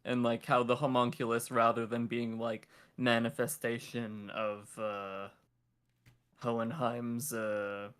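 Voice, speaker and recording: A man's voice: mid-range voice, flat delivery, slow, fairly bright tone, clear, resonant tone. A man in a casual chat, talking enthusiastically and rambling with fillers. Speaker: guest.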